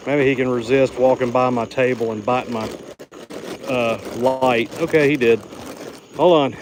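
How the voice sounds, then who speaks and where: A man with a medium-pitched, steady voice livestreams outdoors at night at a normal speed, a little out of breath, with crickets in the noisy background. A host who cares for animals, he coaxes his pet in baby talk between casual, chatty asides.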